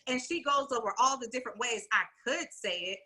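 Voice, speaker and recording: A woman speaking in an animated, conversational way with casual slang, talking on a video call. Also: on the high side, a little fast. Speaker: discussion panelist.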